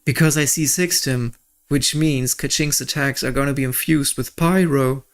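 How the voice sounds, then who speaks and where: A young man from Germany with a German accent, giving casual gameplay commentary, excitable and swearing at the game. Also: mid-range voice, normal speed. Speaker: gaming streamer.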